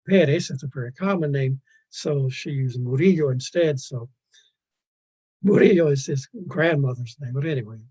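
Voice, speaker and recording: A man gives a virtual museum lecture on paintings, his voice slightly high-pitched with a husky edge. He drifts into side stories, stumbles over restarts and pokes fun at his own disorganization. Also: darkish tone, low-quality recording. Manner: digressive, self-deprecating, stumbling restarts. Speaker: art lecturer. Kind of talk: virtual museum art talk.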